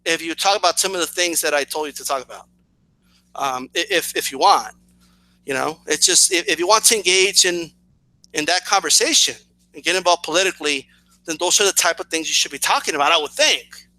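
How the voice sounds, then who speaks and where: Sarcastic man with a sharp, high voice. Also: brisk, poor audio. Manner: repeats and restarts, keeps asking "right?"; sarcastic and challenging. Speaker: boxing commentary channel host. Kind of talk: confrontational video response.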